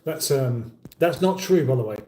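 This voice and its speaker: A man's voice: mid-range voice, expressive, normal speed, dark tone, reverberant, rough recording. A middle-aged British man hosting a casual livestream, reading out viewer comments in a dry, wry, mock-formal way and sounding a little weary. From United Kingdom. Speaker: livestream host.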